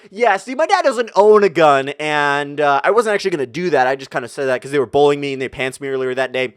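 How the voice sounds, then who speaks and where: A man's voice: fairly high pitch, fast talker, hardly any pauses, clean tone, no room sound, studio quality. A young man hosting a gaming channel, telling a profane, rambling storytime over gameplay commentary.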